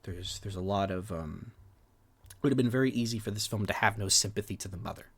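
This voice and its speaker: A man's voice: fairly low pitch, fast, fairly bright tone, breathy edge. A man co-hosting a film podcast, giving candid, profane reviews in casual chat and sometimes dropping near a whisper. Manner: candid, swears freely, restarts words, sometimes drops to a near whisper. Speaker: podcast co-host reviewing films.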